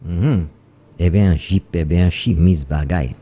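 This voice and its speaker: A man's voice: deep voice, measured pace, mellow, slight background noise. A man with a Saint Lucian accent hosting a live morning show, chatting loosely, slipping into Creole phrases and greeting listeners place by place. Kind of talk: live morning radio chat with listener shout-outs.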